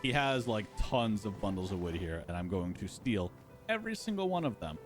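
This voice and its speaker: A man's voice: fairly low pitch, sing-song, a little fast, over music. A man hosting a live stream, giving casual, playful commentary while playing and talking to his chat. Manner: chatty, playful, talks to chat.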